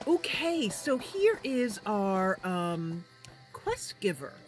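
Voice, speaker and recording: A woman's voice: mid-range voice, very animated, very slow. A woman streamer chatting casually with viewers during a role-play game, giggly with many fillers. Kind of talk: casual live-stream chat. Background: game music.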